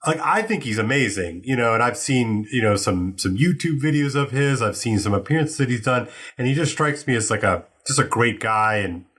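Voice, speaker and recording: A man hosting a podcast, informal and curious, breaking in with quick questions. His voice is husky and a little breathy. It sits at an ordinary middle pitch. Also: animated, a bit bright. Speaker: host. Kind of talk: casual podcast conversation.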